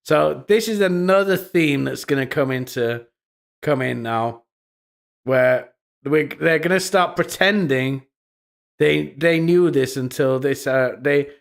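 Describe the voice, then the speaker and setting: A man's voice: a little high, gravelly. A young man hosting a live stream, mocking and swearing as he comments on social media posts, laughing often. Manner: mocking, profane, frequent laughter.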